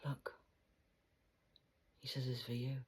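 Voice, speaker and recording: A woman in a rambling monologue to camera, swearing often and swinging between loud outbursts and hushed whispers. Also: rumbling low, little pitch movement, slow, noisy background.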